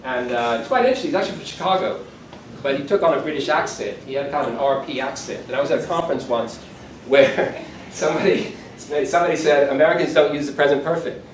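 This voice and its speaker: A man's voice: on the high side, fast, a little hiss or hum. A man in his sixties giving a conference keynote lecture, talking conversationally with self-deprecating asides. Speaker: keynote speaker. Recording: echoey hall from far off, faint room ambience.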